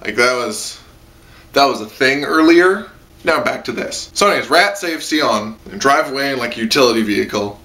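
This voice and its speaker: Guy rambling thru a review, bright voice, pitch jumps all over, tons of likes and ums. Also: lively intonation, moderate pace. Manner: rambling, heavy on fillers, jumps into high-pitched mock quotes. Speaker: anime reviewer. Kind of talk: casual spoken review.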